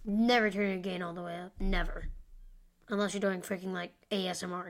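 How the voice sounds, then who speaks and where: A woman hosting a casual solo sports-prediction podcast, rambling and chatty with lots of fillers and asides, into a home mic turned up loud. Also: lowish voice, fairly even intonation, fairly quick, slight background noise. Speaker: podcast host. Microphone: home podcast microphone with gain turned high.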